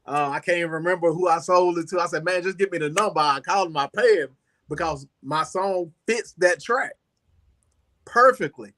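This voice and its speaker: Bright-voiced man, telling stories. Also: high voice, moderate pace. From Southern United States. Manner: rambling, animated, leans on "you know". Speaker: guest musician. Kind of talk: casual storytelling interview.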